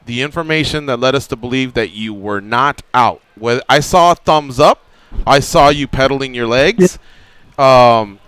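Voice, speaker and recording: A male radio host interviewing a fighter, laying out his points in a measured, explanatory way. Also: mid-range voice, a bit bright, clear, resonant tone, no room sound. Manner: measured, explanatory, careful framing.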